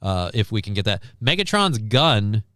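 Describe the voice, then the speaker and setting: A man's voice: on the low side, sing-song, normal speed, bright, forceful tone, dry recording. A man hosting a casual live stream, rambling and wry with crude asides, reading out and thanking viewers. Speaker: stream host.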